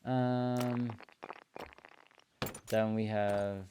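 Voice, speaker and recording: A man streaming a building game, musing aloud in relaxed commentary and filling pauses with hums and playful nonsense sounds. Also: lowish voice, noisy background. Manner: slow, musing talk to himself, hums and playful filler sounds.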